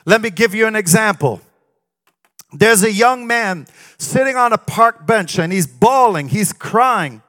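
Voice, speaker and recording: A man's voice: high voice, expressive, unhurried, bright, forceful tone. A man preaching a sermon in a sing-song cadence, breaking often into exclamations of praise.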